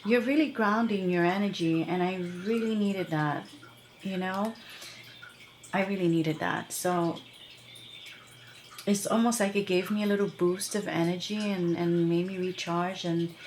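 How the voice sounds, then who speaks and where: A woman's voice: on the low side, fairly even intonation, measured pace, darkish tone, echoey room, a little hiss or hum. A woman tarot reader talking casually to her viewers, rambling and chatty, with many fillers and laughs. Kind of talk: casual tarot reading to camera.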